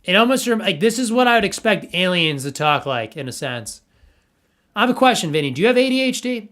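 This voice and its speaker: A man's voice: high-pitched, very animated, normal speed, long pauses, fairly bright tone. A young man casually hosting a livestream, rambling and stammering playfully as he reacts to viewers' art. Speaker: livestream host reviewing NFT art.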